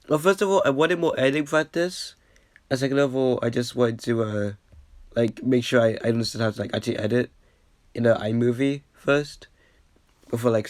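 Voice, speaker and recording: A man's voice: mid-range voice, dry recording, studio quality. A slightly sick man giving casual commentary as he reacts to his own old video, rambling with lots of fillers and restarts and poking fun at himself. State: a bit sick.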